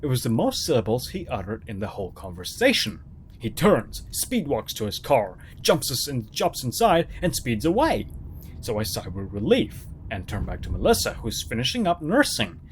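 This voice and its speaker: A man narrating a horror story, his pitch leaping up and down with dramatic, sarcastic flair. His voice sits in a middling register, with a faint hum of ambient noise behind it. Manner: dramatic, sarcastic, swooping intonation. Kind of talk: reading a first-person horror story.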